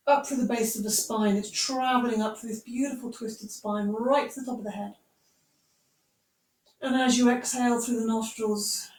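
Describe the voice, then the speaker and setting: Gentle woman teaching yoga in an echoey room. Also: on the high side, recorded from a distance. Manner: gentle, encouraging, unhurried cues. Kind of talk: guided yoga instruction.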